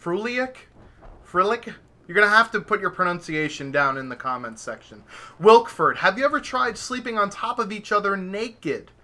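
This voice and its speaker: A young man, a podcast host, telling a story in casual chat, animated and profane, acting out his own reactions. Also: high voice, moderate pace.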